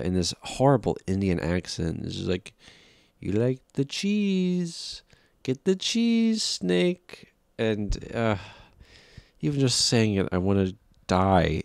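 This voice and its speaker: A man's voice: lowish voice, no echo, clean studio sound. A man giving a casual, rambling film review, exasperated and profane, with frequent restarts.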